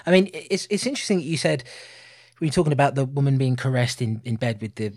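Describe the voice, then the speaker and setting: A man in his thirties co-hosting a casual film review podcast, animated and laughing often. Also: mid-range voice, quick pace. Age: 30s. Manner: animated, laughing, puts on voices for quotes. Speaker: podcast co-host.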